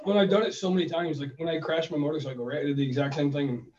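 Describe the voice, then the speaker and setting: An animated man co-hosts a podcast with casual money advice, telling stories and acting out phone calls. His voice sits a little high and races along. The distant mic gives a roomy, dull, lo-fi sound.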